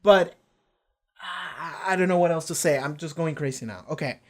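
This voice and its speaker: A man hosting a live reaction stream, recapping an episode in a rambling, excitable way, swearing casually and acting out characters' lines. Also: fairly high pitch, moderate pace. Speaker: reaction channel host.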